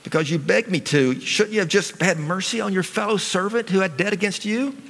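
A preacher voicing a stern master with a rebuking tone. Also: male voice, high voice, fairly quick, vocal fry, fairly bright tone, long reverb tail, voice pushed up, heavily acted.

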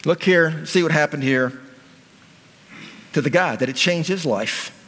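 A middle-aged male pastor preaching a sermon, telling stories in an animated way with emphatic repetition. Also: fairly high pitch, measured pace, big-room sound.

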